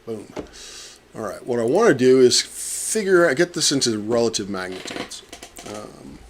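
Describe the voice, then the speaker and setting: A man and astronomy professor narrating his data work on a live stream, muttering and halting with many fillers, his words muffled by a pen in his mouth. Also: medium pitch, very animated, slight background noise. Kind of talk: casual live-stream narration while working.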